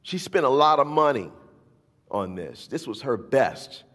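A man preaching a sermon and reading scripture, animated, often asking "right?" and repeating words. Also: mid-range voice, a little slow. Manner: animated, rising to near-shouts for emphasis. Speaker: pastor. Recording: long hall reverb.

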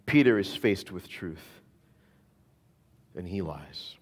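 A man's voice: sits low, animated, slow pace, big-room sound. A man preaching a sermon as pastor, emphatic and repeating his key phrases.

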